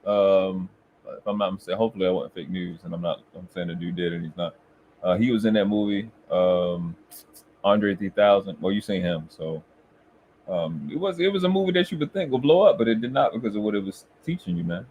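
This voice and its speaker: A man's voice: deep voice, lively intonation, brisk, phone-quality sound, slight background noise. Boastful, profane man on a live stream. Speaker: co-host. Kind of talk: casual live-stream chat.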